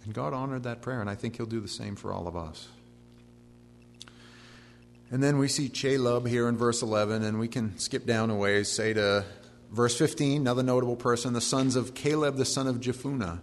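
A middle-aged pastor delivers a verse-by-verse expository sermon in a medium-pitched, steady voice at normal speed. He reads out long lists of names and interrupts with folksy, joking asides, recorded in a hall with long reverb and a faint hum.

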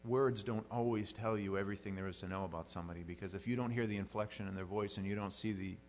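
Conversational middle-aged man preaching, lowish voice. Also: quick pace, slight background noise. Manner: conversational, plain-spoken, acts out quoted voices. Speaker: pastor. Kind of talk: sermon.

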